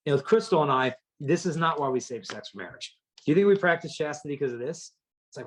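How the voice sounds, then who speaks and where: Man, husky voice, fairly high pitch, humorous storytelling talk, acts out quotes, punchy delivery. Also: a little fast. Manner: lively storyteller acting out quotes. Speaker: chastity speaker.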